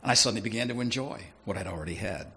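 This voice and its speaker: Male preacher, conversational sermon delivery with questions to the audience; gravelly and low. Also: expressive, very fast, sharp tone, a little hiss or hum.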